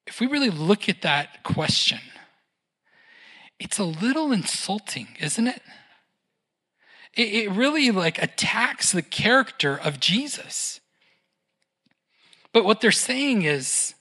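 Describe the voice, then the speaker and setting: A preacher giving a sermon in a conversational way, often checking in with a quick "right?" and adding gentle humorous asides. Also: medium pitch, lively intonation. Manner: conversational, keeps asking "right?".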